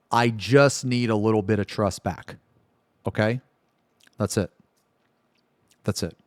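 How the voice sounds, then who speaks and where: A man's voice: lowish voice, darkish tone, dry recording. Emphatic ranting male streamer. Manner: emphatic, keeps asking "okay?", swears freely. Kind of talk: ranting live-stream commentary.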